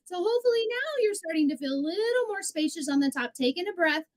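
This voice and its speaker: A woman singing teacher leading a live group voice lesson, coaching warmly and singing warm-up syllables to demonstrate. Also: very high voice, lively intonation, fast, rough recording. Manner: encouraging, coaching between sung vocal drills.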